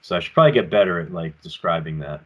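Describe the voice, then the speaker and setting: A man's voice: low-pitched, quick pace. A man who wrestles professionally, guesting on a podcast from his apartment and telling stories in a loose, rambling way, acting out what others said. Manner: rambling and animated, acting out quotes. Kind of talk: casual storytelling in an interview. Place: home apartment with collectibles shelves.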